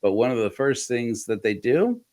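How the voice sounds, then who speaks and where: A middle-aged man hosts a relaxed podcast conversation. He tells long anecdotes with energy and slips into the voices of the people he quotes. His voice sits at an ordinary pitch for a man. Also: moderate pace. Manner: animated storyteller, acts out quoted voices. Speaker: podcast host.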